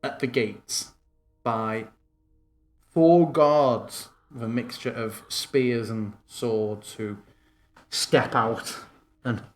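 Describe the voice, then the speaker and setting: A man running a tabletop game as game master, describing scenes in slow, relaxed phrases. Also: medium pitch.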